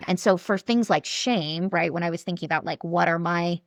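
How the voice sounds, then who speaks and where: A woman speaks in a casual, rambling way, peppering her talk with fillers. Her voice sits a little low and sounds close and dry. She comes across as a guest on a podcast. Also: brisk, dry recording. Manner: chatty, many "like" and "right" fillers. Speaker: guest coach.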